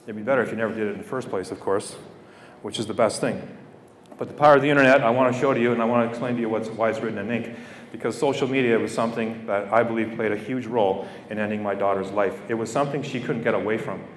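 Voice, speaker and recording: A man's voice: on the low side, fast talker, a little hiss or hum. A middle-aged man from Canada giving a heartfelt public speech to students, repeating phrases for weight. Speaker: guest speaker. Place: school hall or gym. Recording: echoey hall from far off.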